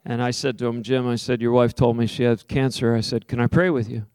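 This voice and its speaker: A man, a minister, preaching a sermon, telling a personal story with lively acted-out quotes and then softly leading a slow, prayerful invitation. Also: mid-range voice, smooth, dry recording, clean studio sound. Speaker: pastor.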